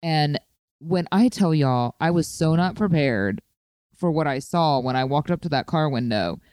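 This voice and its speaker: A woman telling a story in casual chat, chatty and animated, with lots of "like" fillers. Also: low-pitched, measured pace, no echo, studio quality.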